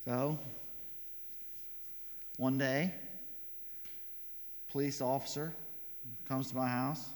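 Middle-aged man, pastor, sermon, heartfelt, loud then hushed, reverberant church hall. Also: mid-range voice, level tone, drawn-out words, pauses often.

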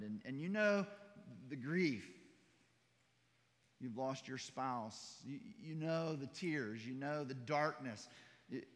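A man's voice: medium pitch, in a large hall. A male pastor preaching a sermon in a church, emphatic and repetitive with stumbling restarts.

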